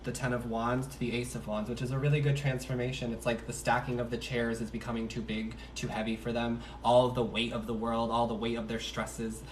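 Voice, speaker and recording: A man's voice: mid-range voice, little pitch movement, brisk, hardly any pauses, recorded from a distance, a little hiss or hum. A man giving a casual tarot reading on a livestream, chatty and slangy, joking at his own asides. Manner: chatty, slangy, laughs at himself. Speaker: tarot reader. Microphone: phone on livestream.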